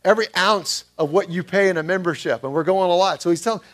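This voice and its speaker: Guy pastor preaching kinda casual, slightly high voice, asks the crowd stuff. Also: fast. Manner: conversational, asks the congregation questions. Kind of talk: sermon.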